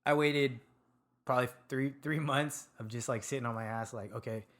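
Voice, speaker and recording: A man from Sacramento, a podcast guest telling his story in relaxed, casual chat and swearing now and then. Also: mid-range voice, moderate pace. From Sacramento, California. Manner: laid-back, laughs often, swears casually. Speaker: podcast guest, food truck owner.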